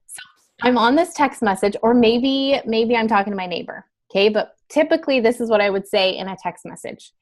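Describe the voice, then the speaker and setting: A woman teaching a class in a chatty, casual way, with many fillers and quick switches into acted examples. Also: a little high. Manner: chatty, filler-heavy, breaks into role-play quotes. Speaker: wellness sales trainer. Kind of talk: casual instructional talk.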